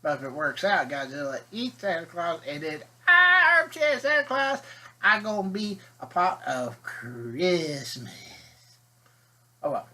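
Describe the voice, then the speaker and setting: Man, folksy rambling storyteller, slow delivery, bright tone. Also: fairly high pitch, wildly swooping pitch. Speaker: video host.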